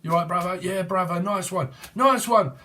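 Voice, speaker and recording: A man's voice: medium pitch, animated, normal speed, lightly acted. A man putting on a chummy cockney lad. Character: cheery cockney lad greeting a mate.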